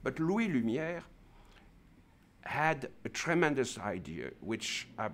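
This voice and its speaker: A film historian speaking in an interview, halting with many fillers but emphatic. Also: male voice, medium pitch, sing-song. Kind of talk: interview commentary.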